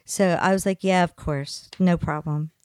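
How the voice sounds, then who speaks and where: A woman's voice: lowish voice, steady tone, moderate pace, a little mellow, clean tone, dry recording, studio quality. A woman, a regular on the show, chatting casually and acting out other people's lines as she tells a story. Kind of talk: casual chat.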